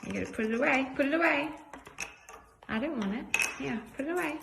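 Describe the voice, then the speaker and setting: A woman coaxing her pet with repeated gentle commands in a home video. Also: sits high, expressive, quick pace, gravelly, heavy background noise. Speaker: pet owner. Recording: home video with loud dish clatter.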